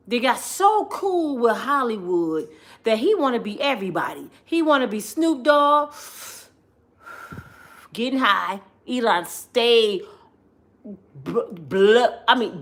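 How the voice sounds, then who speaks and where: A woman vlogger telling a comedic storytime in an animated, slangy, joking manner, often laughing. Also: mid-range voice.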